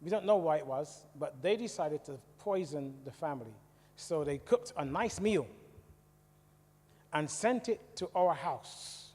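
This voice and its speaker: Man from the West Indies telling his story to a congregation in a chatty way; warm, somewhat high voice in a hall with long reverb. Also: expressive, unhurried. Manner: conversational, asks the audience questions. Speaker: church speaker. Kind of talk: testimony talk to a congregation. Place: church hall.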